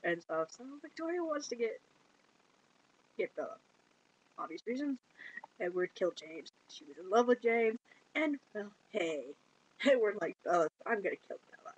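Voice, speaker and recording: A woman retelling a film plot in casual chat, giggling and slipping into quick put-on voices for the characters. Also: medium pitch, very animated, breathy edge, poor audio. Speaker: movie reviewer.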